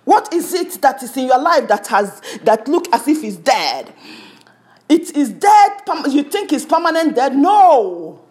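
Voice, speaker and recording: A woman's voice: high-pitched, sing-song, normal speed, hardly any pauses. A woman preaching a sermon, fervent, with lots of repetition.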